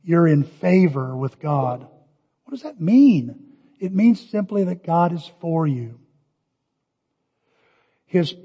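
An older man preaching a sermon as a pastor, telling stories with animated energy and breaking into loud cheering when he quotes himself. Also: on the high side, slightly rough. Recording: dull lo-fi audio with long hall reverb.

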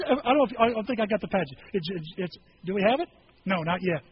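A male pastor delivers a casual, animated sermon, often slipping into quoted voices to act out the scripture. His voice sits high and moves through a wide, lively range. The recording is a bit dull, with faint noise underneath. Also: fast. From rural farm upbringing.

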